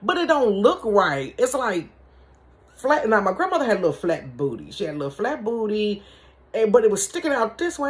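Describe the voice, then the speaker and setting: A woman telling a family story in a casual storytime vlog from her bedroom, chatty and animated, calling her viewers y'all and honey. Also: on the high side, moderate pace.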